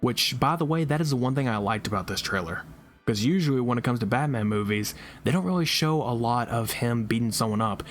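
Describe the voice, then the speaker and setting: Male podcast co-host, casual, rambling, quick laughs, faint music underneath. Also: mid-range voice. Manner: animated, rambling, laughs often. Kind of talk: casual chat.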